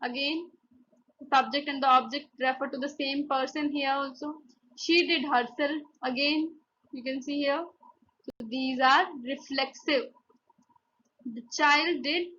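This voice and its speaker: A woman's voice: sits high, fairly even intonation, slow, pauses often, bright, forceful tone, lo-fi sound. A woman teaching grammar, explaining step by step and often saying "see here" and "okay". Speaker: English teacher. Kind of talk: grammar lesson over slides.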